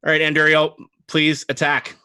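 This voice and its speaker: A man running a tabletop game as game master, narrating with animated, chuckling energy and frequent hesitations. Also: a little high, moderate pace, smooth, no echo.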